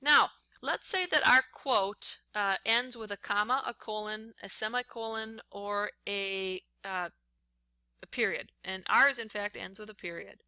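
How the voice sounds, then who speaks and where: A woman's voice: mid-range voice, a little slow, pushed and bright, no room sound. A woman teacher talking step by step through a writing lesson while she types on screen. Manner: step-by-step, talks while typing.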